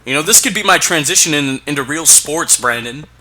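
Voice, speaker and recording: A man's voice: a little high, lively intonation, fairly quick, bright, forceful tone. A man co-hosting a casual wrestling podcast, often stumbling and repeating words, with playful hype. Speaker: podcast co-host.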